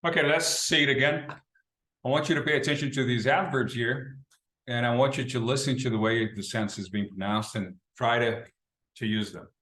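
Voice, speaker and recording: A man's voice: mid-range voice, brisk, fairly bright tone. A man from Brazil teaching an English class, explaining patiently and often checking in with the listener. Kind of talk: recorded class lesson. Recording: roomy echo.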